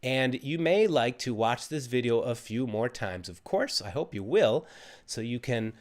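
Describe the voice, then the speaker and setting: A man teaching a live ukulele lesson in a calm, encouraging, gently meditative way. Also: medium pitch, unhurried. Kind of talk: live-streamed music lesson.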